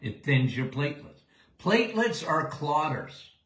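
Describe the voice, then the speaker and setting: A man's voice: on the high side, sing-song, measured pace, fairly bright tone, echoey room. An older man hosting a live Q&A show as a doctor answering listener questions, folksy and emphatic, often checking in with "okay?".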